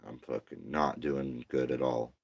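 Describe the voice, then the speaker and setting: Deep-voiced weary man venting. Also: fairly even intonation, a little slow, breathy edge, dry recording. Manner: weary and heated by turns, profane, slangy. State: exhausted. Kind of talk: venting monologue.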